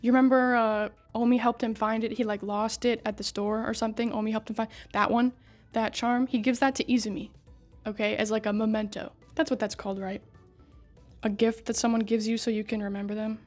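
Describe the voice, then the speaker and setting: A woman with a fairly high voice recaps a story in a loose, chatty way. She gets worked up, swears freely and talks back to the characters as if they could hear her. Faint music plays underneath. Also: a little fast. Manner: excitable, swears and laughs a lot, talks to the characters.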